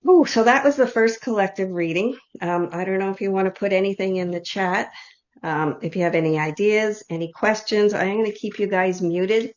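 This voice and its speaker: A woman leading an online group reading, speaking softly and heartfelt in loose, run-on phrases. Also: mid-range voice, normal speed. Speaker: intuitive reader leading an online group session. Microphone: video call. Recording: dull lo-fi video call audio.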